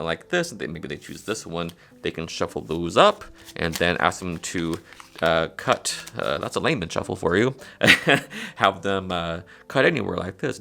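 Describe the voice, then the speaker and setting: A man talks through a card trick tutorial in a loose, casual way and counts the cards out loud. His voice sits very low and has a rough, fry-heavy edge. His pitch still rises and falls a lot as he explains. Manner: relaxed, frequent "uh" fillers, counts cards aloud. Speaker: magic tutorial presenter.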